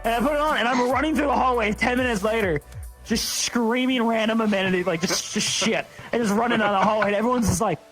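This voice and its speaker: A man's voice: sits high, quick pace, fairly bright tone, soft background music. A man hosting a podcast, telling a rowdy story in casual chat, swearing and laughing a lot.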